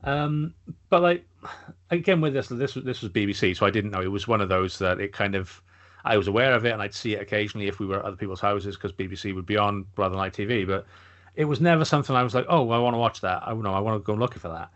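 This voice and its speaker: A man rattles along quickly as a podcast co-host, agreeable and rambling. His voice comes through a dull, lo-fi recording. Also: fairly low pitch, fairly bright tone. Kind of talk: casual chat.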